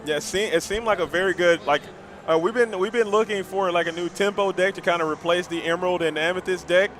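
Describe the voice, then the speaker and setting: A young man, a card game streamer, chatting casually after a match, animated and repeating himself, laughing easily. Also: sits high, slight background noise. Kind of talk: casual post-match chat.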